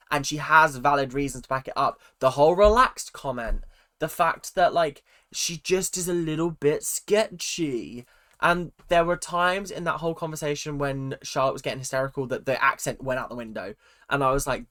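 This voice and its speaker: A man's voice: a little high, brisk, a bit bright. A man giving a casual, opinionated TV recap, chatty and swearing freely. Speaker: reality TV recap YouTuber. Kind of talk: casual ranting commentary.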